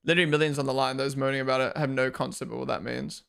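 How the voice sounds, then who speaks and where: Racing through viewer comments, a twentysomething New Zealander hosts a casual live stream, reading them aloud and responding. His medium-pitched voice stays fairly even in intonation, with vocal fry and a clean, fairly bright tone.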